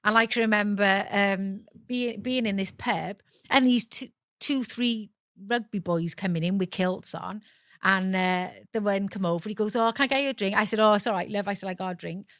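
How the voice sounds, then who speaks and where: A woman's voice: medium pitch, steady tone, moderate pace, a bit bright, dry recording, clean studio sound. Blunt South Welsh woman telling her story. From Wales. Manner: blunt, swears freely, acts out voices in her story. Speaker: guest. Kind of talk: candid personal storytelling.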